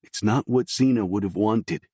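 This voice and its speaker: A gentle middle-aged father speaks with stern calm and tenderness, as a male narrator reads him. The delivery is steady and consoling. The sound is dry and close-miked. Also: fairly low pitch, normal speed, slightly rough, no room sound. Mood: tender. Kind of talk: audiobook dialogue.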